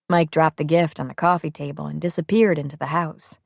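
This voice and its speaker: A woman narrating an audiobook in a calm, even storytelling manner. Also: low-pitched, a little fast, gravelly, hardly any pauses, no room sound, clean studio sound. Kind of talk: scripted narration.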